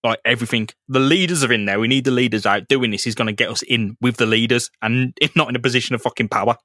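A man co-hosts a podcast, retelling a comic story in loose, sweary, laughing chat. His pitch sits in the middle, and the voice is close and dry with no room echo. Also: fast, sharp tone. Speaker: podcast co-host. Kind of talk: casual comic recap chat.

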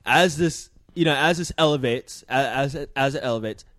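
A man's voice: medium pitch, moderate pace, a bit bright, no room sound. A man co-hosting a podcast, chatting casually about sports news in a loose, rambling way with slang and lots of fillers. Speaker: podcast co-host.

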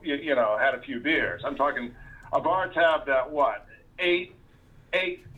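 A man's voice: medium pitch, phone-quality sound. A man talking as a remote podcast guest, telling a story casually with lots of restarts and fillers over a call. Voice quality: halting, many restarts and fillers.

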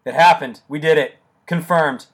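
A young man hosting a casual sports podcast, enthusiastic and excitable, speaking close into his microphone and breaking into shouts. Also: fairly high pitch, normal speed, slightly rough. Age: young adult. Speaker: podcast host.

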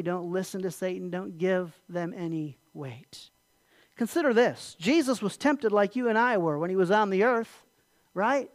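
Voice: mid-range voice, no room sound. Conversational pastor preaching in a dry room. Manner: conversational preaching with rhetorical questions and restarts. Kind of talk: sermon.

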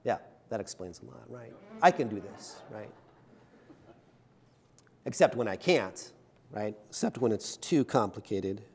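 Lively, animated pastor giving a chatty sermon. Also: male voice, fairly low pitch, measured pace, vocal fry, long pauses. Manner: chatty, self-deprecating humor, frequent "right?" tags. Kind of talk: conversational sermon.

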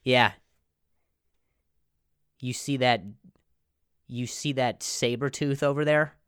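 A man's voice: mid-range voice, steady tone, slow pace, a bit bright, clean tone, no room sound, clean studio sound. A man hosting a podcast in a rambling, jokey monologue, stumbling over words and laughing at his own jokes. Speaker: podcast host. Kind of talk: casual comedic monologue.

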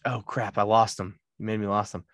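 A man's voice: lowish voice, level tone, fairly quick, creaky, a bit bright, no echo. Man, podcast host, casual film talk, laughs a lot, swears, dry close sound. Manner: laughs often, swears, acts out quotes. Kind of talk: casual movie discussion.

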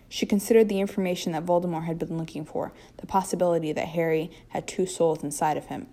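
A woman reads a story aloud in a low, even voice. She keeps a steady pace and sometimes stumbles and restarts a word. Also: quick pace, few pauses. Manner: steady reading with occasional slips and restarts. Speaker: fanfiction reader. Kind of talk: reading fiction aloud.

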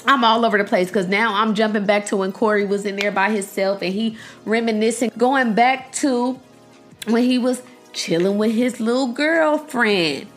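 A woman's voice: on the high side, moderate pace, soft background music. A young woman giving a casual, emphatic reaction to a series, blunt and profane, laughing often and jumping between points.

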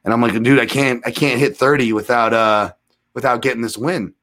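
A man in his thirties, a podcast guest telling rambling, self-deprecating fight stories with animated retellings. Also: mid-range voice, a little fast. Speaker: guest, MMA analyst. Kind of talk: casual storytelling in a podcast interview.

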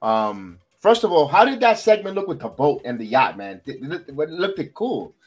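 A man hosting a wrestling recap podcast in casual chat, animated and repeating himself for emphasis. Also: on the high side, moderate pace, slightly rough. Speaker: podcast host.

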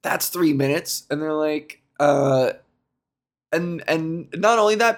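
A man's voice: fairly high pitch, steady tone, slow. Exasperated profane man on a comic rant. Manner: exasperated, profane, laughs often. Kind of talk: comedic rant.

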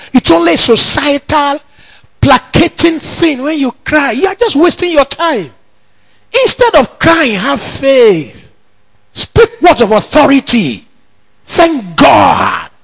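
A man preaches in a church, his voice very high and bright with a gravelly edge. He talks slowly and with wide swings in pitch. He moves from emphatic teaching into shouted declarations. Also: rough recording. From Nigeria. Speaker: pastor. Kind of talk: sermon.

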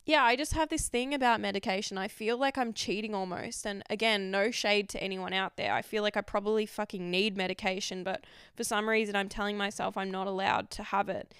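Young woman, frank confessional vlog, smooth resonant tone, dry close sound, swears freely. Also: medium pitch, fairly even intonation, brisk, hardly any pauses, a bit bright, no echo. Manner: frank, rambling, heavy swearing. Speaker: vlogger. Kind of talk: candid confessional monologue.

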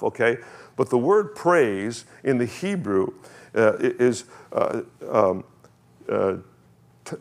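A man preaching a conversational sermon to a congregation, reading scripture slowly and asking the people questions. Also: medium pitch. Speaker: pastor.

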